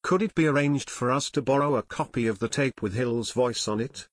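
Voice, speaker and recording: A man's voice: mid-range voice, a little fast, dry recording, close to an everyday voice. A man voicing an earnest young detective. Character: eager young male amateur detective.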